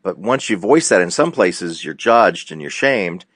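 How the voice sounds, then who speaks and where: Deep-voiced earnest male counselor. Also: animated, a little slow, fairly bright tone, no echo, clean studio sound. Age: middle-aged. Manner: earnest, preacherly, shifts pace for emphasis. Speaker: counselor, show guest. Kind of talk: casual faith-based talk.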